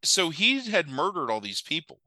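Recapping a film on a podcast, a man co-host rambles through the plot with profanity and animated quoted voices in casual conversation. His voice is on the high side and moderately paced, captured on a dry but rough recording.

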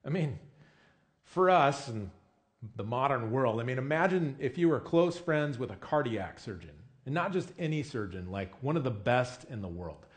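A man delivers a sermon with a lively, swinging pitch. He talks like he is chatting with friends, with plenty of "I mean" and "you know". He keeps asking his listeners rhetorical questions. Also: moderate pace. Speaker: pastor.

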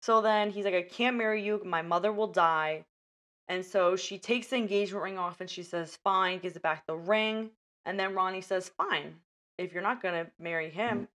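A podcast host with a lowish voice and moderate pace casually recaps a film, moving scene by scene. She's animated, slipping into the characters' dialogue as she tells it.

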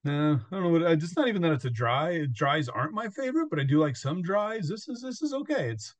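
A man's voice: a little high, very animated, fast, dry recording. A man hosting a podcast in casual chat, rambling and laughing often. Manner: rambling, laughing often, quotes himself and others. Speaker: podcast host.

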